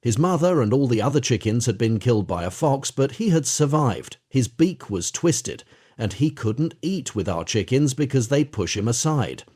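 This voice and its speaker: A man's voice: mid-range voice, very animated, moderate pace, slightly rough. A man reading as a tender woman fondly recalling her pets. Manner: soft, fond, emotional.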